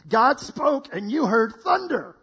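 A man preaching a lively sermon to a congregation, acting out voices and laughing between lines. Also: very high-pitched, takes it slowly, vocal fry, slightly rough, lo-fi sound. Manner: animated, acts out voices, laughs often. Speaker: guest preacher. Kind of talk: energetic sermon.

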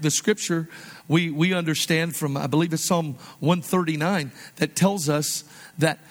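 Pastor, man, high-pitched, animated conversational sermon delivery with soft low asides.

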